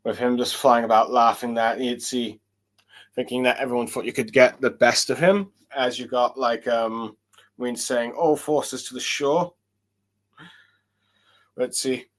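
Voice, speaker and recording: A man's voice: mid-range voice, little pitch movement, moderate pace, a bit bright. Hesitant man recapping a manga chapter. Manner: hesitant, many fillers and restarts while reading along. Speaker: manga reviewer. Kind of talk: casual solo chapter review.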